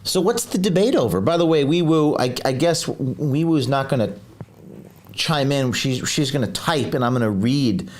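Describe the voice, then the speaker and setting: A man's voice: medium pitch, expressive, normal speed. A man hosting a live stream, talking in a rambling, combative way, reading viewer comments and replaying clips.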